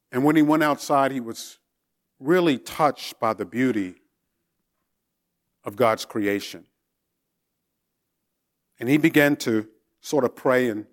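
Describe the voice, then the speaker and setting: A man preaching a sermon, telling a story in a reflective, storytelling manner. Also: medium pitch.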